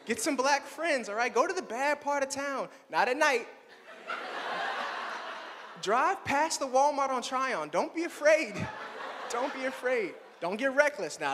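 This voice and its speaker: Young man, stand-up comic, high voice, lively swinging delivery, long hall reverb. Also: moderate pace, a crowd in the background. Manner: animated, playful, addresses the audience directly. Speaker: stand-up comedian. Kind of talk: stand-up comedy set.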